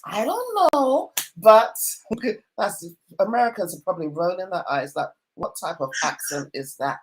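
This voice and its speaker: A woman with a fairly low voice hosts an online event over a video call. She gushes about her guests and stacks up repeated words for emphasis. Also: expressive, normal speed, low-quality recording. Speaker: host. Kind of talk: casual online event hosting.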